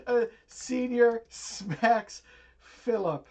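Very slow man narrating comedy scenes. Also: very high-pitched, steady tone, darkish tone, recorded from a distance. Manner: narrates scene beats and dialogue, breaking into laughter. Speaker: co-host writing a comedy script aloud. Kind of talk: improvised comedy writing.

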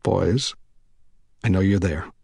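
A man voicing a soft-spoken, coaxing middle-aged stranger in a gentle, friendly manner. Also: low-pitched, takes it slowly, vocal fry, breathy edge, dry recording, studio quality, exaggerated voice.

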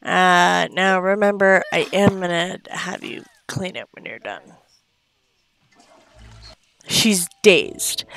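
A woman giving casual gameplay commentary, chatty, often gasping and cooing at the game characters. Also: lowish voice. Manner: gasps often. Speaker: let's play host.

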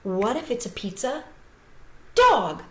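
A woman who entertains children, reading a picture book aloud in an animated, sing-song way with playful animal noises. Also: a little high, slow, reverberant.

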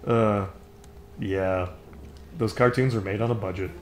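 A man's voice: fairly low pitch, steady tone, unhurried, roomy sound, slight background noise. A man co-hosting a gaming podcast, chatting casually and laughing while he plays. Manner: giggly, rambling, playful voices for quoted characters. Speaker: podcast co-host playing the game.

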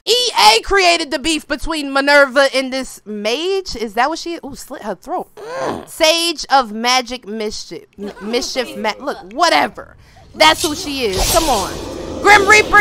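A young woman hosts a let's play video and fills it with loud, playful trash talk and slang. Her voice sits very high and swings all over as she talks. It has a bright, sharp edge to it. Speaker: gaming video host.

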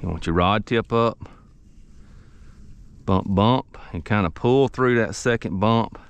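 A man, a fishing charter captain talking through his catch on a boat outdoors, excitable and repeating himself. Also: low-pitched, smooth, no echo. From Gulf Coast of the United States. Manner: excitable, drawling, repeats phrases. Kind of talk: fishing vlog commentary.

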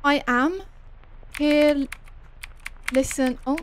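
A woman giving excitable, chatty gameplay commentary while playing a horror game. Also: high voice, slow, a little hiss or hum. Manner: excitable, chatty, laughs often. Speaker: game streamer.

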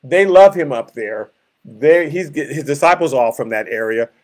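A pastor leading a Bible study, explaining verses in plain words and acting out scenes with growls and groans. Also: male voice, medium pitch, lively intonation, normal speed.

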